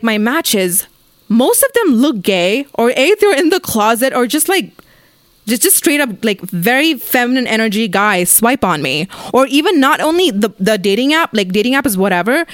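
A woman's voice: fairly high pitch, no room sound. A young woman hosting her own podcast, telling a blunt, profane storytime rant full of "like" fillers and acted-out friends' lines. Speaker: podcast host.

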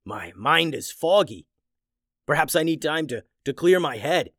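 A man voicing a confused, gruff male minotaur in a children's story, speaking slowly and haltingly. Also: fairly high pitch, expressive, fairly bright tone, no room sound, studio quality, pitched above the performer's own voice. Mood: bewildered. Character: dazed hulking male minotaur, slow and gruff.

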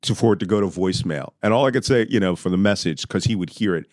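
A middle-aged man telling a vivid personal story, shouting when he acts out moments. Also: fairly low pitch, fast, no room sound, clean studio sound. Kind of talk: animated storytelling.

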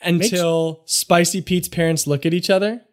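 A man narrating a comedy tabletop game as game master, animated and slipping into loud shouts for characters. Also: sits high, moderate pace.

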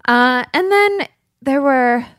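A woman co-hosting a podcast in casual chat, telling stories in an animated way with lots of "like" fillers. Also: high-pitched, slow, no room sound, studio quality. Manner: animated storyteller who acts out quotes, heavy "like" fillers. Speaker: podcast co-host.

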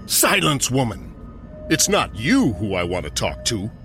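A man voicing a sinister, possessive toy maker monster in a dramatic horror story, calm and smiling with a menace that breaks into raving. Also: mid-range voice, unhurried. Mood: commanding. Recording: music behind the voice.

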